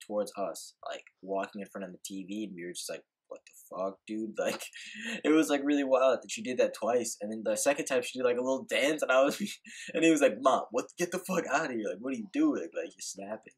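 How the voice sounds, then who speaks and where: A man's voice: medium pitch, slightly rough. A young man telling a rambling, laid-back story in a casual vlog, full of filler words and swearing. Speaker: vlogger.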